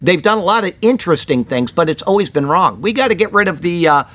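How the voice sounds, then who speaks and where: Male commentary host with a high voice, opinionated and prone to asides. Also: lively intonation, fast, a bit bright. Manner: opinionated, with rambling personal asides. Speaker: host of a weekly prophecy news report. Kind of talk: chatty news commentary.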